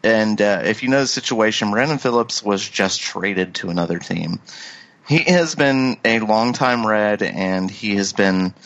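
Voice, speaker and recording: Low-pitched guy rambling on a podcast, lots of ums and restarts, kinda muffled lo-fi sound. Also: a bit bright. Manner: halting, many restarts and fillers. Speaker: podcast co-host. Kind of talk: casual chat.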